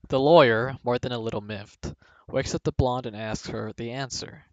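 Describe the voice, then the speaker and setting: A man's voice: mid-range voice, normal speed, dry recording. A young man reading jokes aloud for a video, often breaking into laughter partway through a line. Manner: breaks into laughter mid-sentence. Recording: dull, dry home recording.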